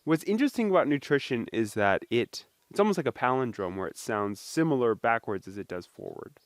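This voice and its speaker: A man's voice: mid-range voice, expressive, fairly quick, dry recording. Young male host, casual and playful, speaking into a dry, close mic. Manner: playful, chatty, thanks supporters by name. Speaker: video host. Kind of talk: casual talk to camera.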